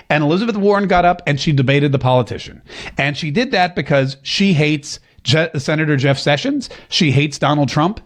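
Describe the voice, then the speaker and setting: A man's voice: fairly high pitch, moderate pace. Rambling sarcastic male talk show host. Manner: rambling, sarcastic, lots of filler words and restarts. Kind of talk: call-in political commentary.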